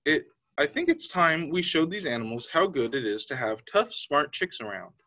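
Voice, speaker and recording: A man voicing a proud, gentle mother hen in a read-aloud storybook, with a fond manner. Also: on the high side, very animated, normal speed, full character voice. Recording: slightly dull lo-fi sound.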